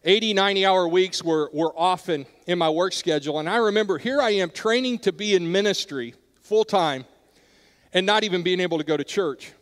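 A middle-aged male pastor preaching with a high, bright-pitched voice. He talks in an earnest way and turns hushed during personal stories, and a long hall reverb trails after his words in the church. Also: brisk. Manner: earnest, drops softer when telling personal stories. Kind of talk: sermon.

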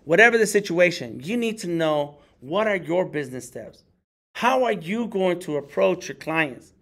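A middle-aged man talks an audience through a casual workshop, loose and conversational, mimicking others in jokey voices. His voice sits a little high for a man and has a gravelly, fry-heavy edge. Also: lively intonation, moderate pace, a bit bright. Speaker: working artist leading a meetup talk.

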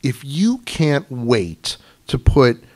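A man's voice: mid-range voice, very animated, extremely slow. A man as guest speaker at a writers club, telling anecdotes in a casual, chatty way full of "you know". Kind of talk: casual storytelling talk to an audience. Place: club meeting room.

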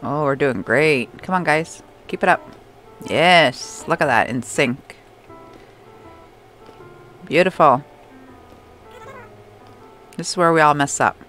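A woman's voice: sits low, takes it slowly, pauses often, fairly bright tone. A young adult woman casually commenting on her gameplay, chatting to game characters and laughing often. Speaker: gameplay streamer. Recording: faint background music.

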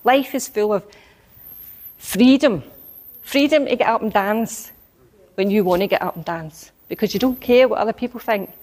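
A woman's voice: mid-range voice, moderate pace, pauses often, darkish tone. A woman preaching a sermon, telling a personal story and building into emphatic exhortation.

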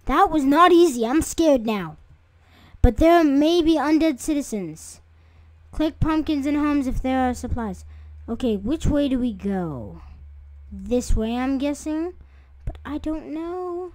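A young woman with a fairly high voice gives casual commentary over her own gameplay. She chats to her viewers, rambles, and breaks into startled squeals at sudden scares. The sound is dry and close, with no room around it. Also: lively intonation, a little slow, no echo. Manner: chatty, jumpy, easily startled, with sudden squeals. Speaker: gaming video creator. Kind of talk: casual let's-play commentary.

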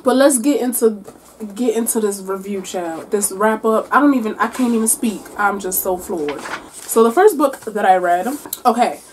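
A woman doing a mukbang-style book wrap-up, animated and exclamatory as she talks between bites. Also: medium pitch, normal speed, slight background noise. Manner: animated, exclamatory, talking while eating. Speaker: book vlogger.

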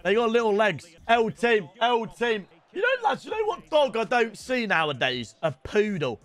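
A young man giving casual, chatty commentary over his gameplay, now and then shouting excitedly at the game. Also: sits high. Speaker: streamer.

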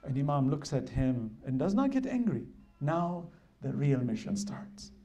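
A man's voice: medium pitch, sing-song, a little slow, dark tone, muffled recording. A man giving a religious lecture, retelling history emphatically and acting out the quoted dialogue. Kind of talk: religious lecture with dramatic storytelling.

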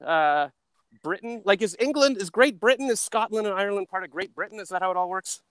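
A man's voice: high-pitched, brisk, fairly bright tone, clean tone, no room sound. A Canadian man riffing as a comedy guest on a phone video call from a park, rambling and self-deprecating, with many stammered restarts. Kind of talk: casual riffing chat. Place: outdoors in a park.

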